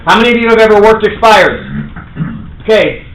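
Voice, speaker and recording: A man's voice: high-pitched, brisk, fairly bright tone. A man with a New York accent giving a brash, punchy seminar talk to a live audience, acting out his own sales calls. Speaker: real estate trainer. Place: large meeting room. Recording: echoey room, faint noise.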